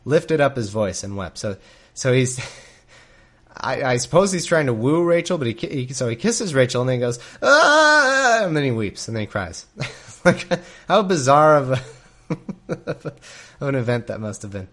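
A man's voice: mid-range voice, expressive, moderate pace. A man reading scripture aloud and breaking off for wry, joking asides. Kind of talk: Bible reading with comedic commentary.

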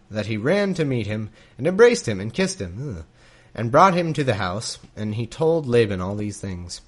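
A man reading scripture aloud and breaking off for wry, joking asides. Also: mid-range voice. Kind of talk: Bible reading with comedic commentary.

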